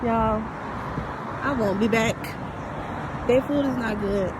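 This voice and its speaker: Slow-talking woman vlogger. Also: on the high side, very noisy. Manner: emphatic, repeats herself, addresses viewers as y'all. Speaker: vlogger reviewing food. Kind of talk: casual vlog talk to viewers. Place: outdoors by a truck.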